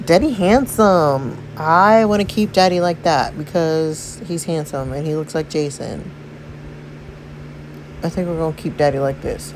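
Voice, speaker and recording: A woman's voice: deep voice, a little hiss or hum, rough recording. A woman hosting a gaming channel, rambling through a casual recap and commentary with many fillers and self-corrections. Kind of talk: casual story recap and gameplay narration.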